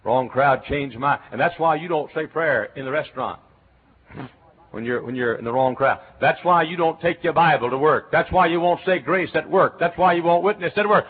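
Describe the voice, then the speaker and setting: An older man with a Texan accent preaching a sermon, telling folksy stories and breaking into loud shouts. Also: mid-range voice, expressive, normal speed. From Texas. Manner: folksy storytelling, bursts into loud cheers and shouts. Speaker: Baptist pastor. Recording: tinny lo-fi sermon recording with faint hiss.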